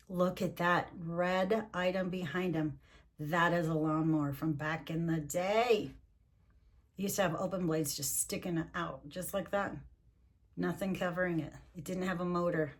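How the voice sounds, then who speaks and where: A woman's voice: lowish voice, moderate pace, breathy edge. An older woman, a grandmother, reading a picture book aloud with chatty asides and frequent laughs, her voice swooping up when she reads the story.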